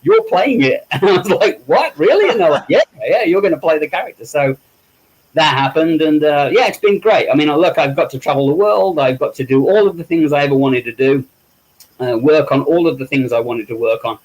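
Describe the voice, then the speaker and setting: A man's voice: fairly high pitch, brisk, poor audio. Chatty man telling stories. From England. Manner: storytelling, acts out quoted voices, self-deprecating laughs. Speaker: interview guest, makeup effects artist. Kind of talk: casual anecdotal interview.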